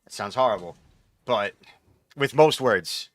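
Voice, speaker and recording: Bright-voiced New streamer, rambling. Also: male voice, on the low side, expressive, unhurried, no room sound, clean studio sound. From New York. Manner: rambling, profane, answers chat. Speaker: live streamer. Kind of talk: casual live-stream chat while gaming.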